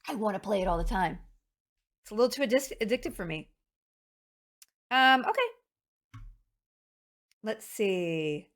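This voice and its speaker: A woman's voice: medium pitch, expressive, unhurried, pauses often, fairly bright tone. Chatty woman streaming a game. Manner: chatty and rambling, talks to chat. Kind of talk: casual live-stream chat.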